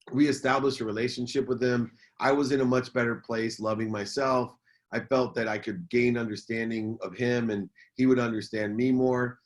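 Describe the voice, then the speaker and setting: Earnest middle-aged man telling his story. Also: mid-range voice. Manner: earnest and emphatic, repeating key phrases for weight. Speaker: podcast guest, businessman and motivational speaker. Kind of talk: personal storytelling in a podcast interview.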